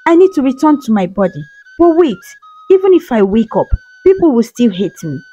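A woman gives voice to a young ghost girl with a cold, mocking edge and icy calm, her tone set fairly high and swinging widely. She speaks as a bitter, vengeful spirit in a told folktale, with soft music beneath. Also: a little fast, slightly rough, dull audio.

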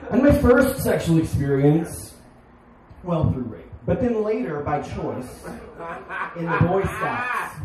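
A young man performing a stand-up comedy set on a bar stage, with deadpan punchlines and sudden shouted bits. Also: sits high, slow pace. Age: young adult. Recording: echoey bar, crowd noise, distant. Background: crowd laughing.

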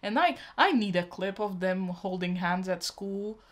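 A young woman talks straight to her viewers in a casual reaction vlog. She gushes openly, lets her excitement and tenderness run freely, and treats the audience like close friends. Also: medium pitch, a little slow. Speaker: YouTube reaction host.

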